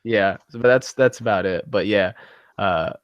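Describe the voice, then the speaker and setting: A man chatting casually with friends, telling lively stories and swearing often. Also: lowish voice, moderate pace, no echo, highs cut off. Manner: animated storyteller, swears often, acts out voices. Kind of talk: casual group chat.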